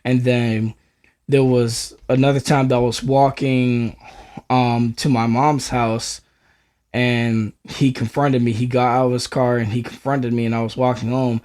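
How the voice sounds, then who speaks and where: A man's voice: medium pitch, flat delivery, unhurried, a little mellow. Rambling, swearing man telling a story. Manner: rambling, heavy swearing and filler words. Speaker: podcast co-host. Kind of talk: casual storytelling chat.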